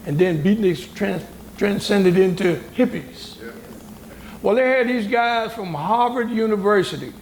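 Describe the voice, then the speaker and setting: This older man from the United States, gravelly and high-pitched, tells his story a little slowly while appearing as a panel guest in a university hall. Lively, colloquial and emphatic, he voices other people's words as he goes. The roomy hall sound carries slight background noise.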